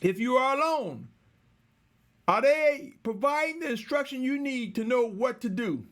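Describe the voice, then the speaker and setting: A man delivering a slow, measured, exhorting sermon, repeatedly addressing his listeners as brothers and sisters. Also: very high voice, expressive, fairly bright tone. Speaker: preacher.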